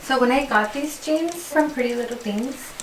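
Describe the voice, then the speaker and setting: A young woman in her twenties chats her way through a get-ready-with-me story. Her voice sits a bit high and she talks casually, full of filler words. A faint hum of background noise runs under her. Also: moderate pace, low-quality recording. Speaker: vlogger.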